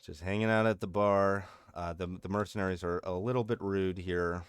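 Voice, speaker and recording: Low-pitched streamer in his thirties, loose and chatty, with a dry, close sound. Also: fairly even intonation, normal speed, clear, resonant tone, no echo. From United States. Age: 30s. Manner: rambling, chatty, laughs often. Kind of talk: casual gameplay commentary.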